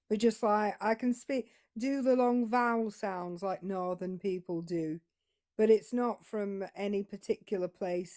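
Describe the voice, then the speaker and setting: A woman's voice: on the low side, dry recording, studio quality. A British woman with a British English accent, explaining in casual panel chat. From Britain. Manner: explanatory, lively, talks it through.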